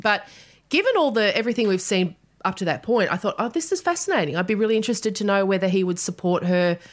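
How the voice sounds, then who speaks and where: A woman's voice: mid-range voice, fast. An Australian woman hosting a podcast, telling stories animatedly with laughter and some swearing. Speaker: podcast host. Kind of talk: casual chat.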